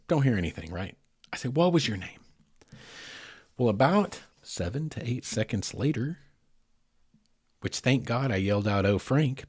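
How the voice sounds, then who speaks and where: A middle-aged man spins a spoken story for his podcast audience, lively and chatty, turning to his listeners every so often. His voice sits low and a little husky, recorded close and dry. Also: dry recording. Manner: animated, talks to listeners directly. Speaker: podcast host.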